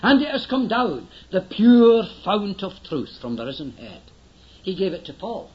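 An older man preaches with earnest, emphatic urgency. His voice sits high and swings widely in pitch. The recording is dull and lo-fi, like an old tape. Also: big pitch swings, measured pace. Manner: earnest, emphatic, pleading with listeners to listen. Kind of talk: sermon.

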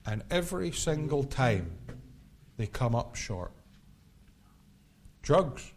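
A man's voice: mid-range voice, big pitch swings, slow, a little hiss or hum. A middle-aged man preaching an evangelistic sermon, building his points through impassioned, repetitive cadences.

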